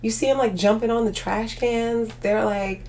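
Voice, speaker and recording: A woman's voice: fairly high pitch, steady tone, moderate pace, a little mellow, a little hiss or hum. Tired, rambling woman live-streaming. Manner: rambling and chatty, with frequent filler words and laughs. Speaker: livestream host chatting with viewers. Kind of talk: casual live chat.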